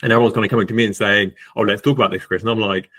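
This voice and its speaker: A man's voice: lowish voice, fairly even intonation, very fast, a bit bright, breathy edge. A man, a guest on a podcast, telling his own story candidly, with lots of fillers and restarts. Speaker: podcast guest, estate agent.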